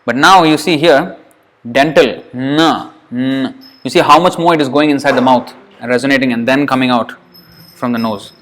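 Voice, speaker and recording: A man teaching Sanskrit pronunciation, patiently explaining each sound and repeating syllables slowly to demonstrate them. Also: mid-range voice, steady tone, a bit bright. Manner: patient, explanatory, with light asides. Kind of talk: pronunciation lesson.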